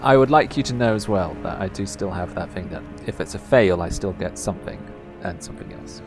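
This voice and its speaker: A man's voice: low voice, a little fast, faint music behind. A man playing a tabletop game, joking dryly and musing aloud about his character's choices. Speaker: player.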